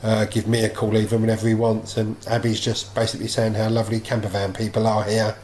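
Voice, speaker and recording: A man's voice: on the low side, completely flat delivery, fast talker, a little mellow. A man narrating his van conversion in a casual vlog, practical and dryly teasing. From England. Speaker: van build vlogger. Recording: background noise.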